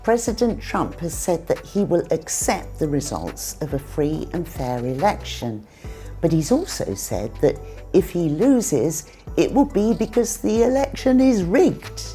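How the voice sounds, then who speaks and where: A woman with a low, warm voice teaches English words. Her pitch moves a lot as she explains each term in a clear, teacherly way. Faint music plays underneath. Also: sing-song, a little slow. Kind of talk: scripted lesson dialogue.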